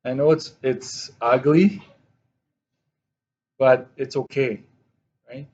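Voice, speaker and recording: A man's voice: medium pitch, steady tone, slow, darkish tone. Man teaching math, dull lo-fi sound. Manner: talks to students while writing, with self-corrections. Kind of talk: classroom lesson walkthrough.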